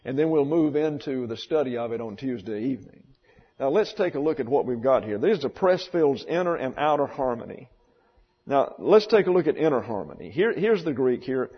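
A man teaching a Bible class, deliberately spelling out and pronouncing terms for his students. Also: medium pitch, expressive, slightly rough. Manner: deliberate, spells out words slowly. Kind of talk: classroom lecture. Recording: dull lo-fi sound in a reverberant hall.

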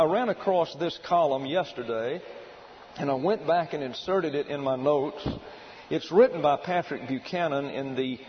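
A male pastor with a slightly high voice delivers a sermon in a deliberate, emphatic teaching manner. The recording is dull and lo-fi, with a faint hiss underneath. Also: big-room sound. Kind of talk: sermon with read-out excerpts.

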